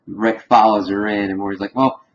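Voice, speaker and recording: A man casually recapping a cartoon episode in a rambling way, full of fillers and quick acted quotes. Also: lowish voice, fairly even intonation. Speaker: reviewer. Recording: dull lo-fi home recording with faint hiss.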